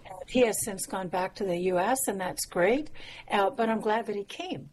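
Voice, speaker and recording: A woman songwriter speaking in a relaxed, reflective way, often trailing into fillers and soft laughter. Her voice sits at an ordinary middle pitch. A faint hum of ambience sits behind her. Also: moderate pace. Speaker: songwriter and musician guest. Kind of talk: casual interview conversation.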